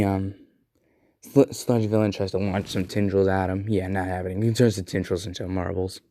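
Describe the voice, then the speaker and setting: A man's voice: lowish voice, a little mellow, dry recording. A young man casually telling a fan story, rambling with lots of fillers and swearing.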